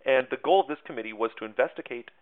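A man talks through a history lesson in a loose, chatty way, cracking small jokes at his own expense. His voice sits at a middle pitch. The sound is thin and tinny, like a phone line. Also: racing. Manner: chatty, self-deprecating jokes, many fillers. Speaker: teacher hosting a history podcast. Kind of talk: casual spoken history lesson.

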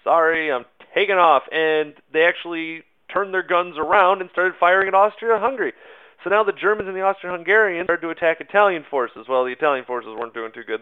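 A man with a fairly high voice teaches a history lesson in a loose, conversational way, full of fillers, asides and little jokes. The sound is narrow and thin, like it is coming through a phone line. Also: clear, resonant tone. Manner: informal, chatty, many fillers and asides. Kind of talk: casual recorded history lecture.

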